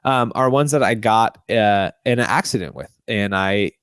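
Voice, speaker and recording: A young man hosting a casual podcast chat, animated and acting out what other people say. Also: lowish voice, moderate pace, clear, resonant tone, dry recording, clean studio sound. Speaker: podcast host.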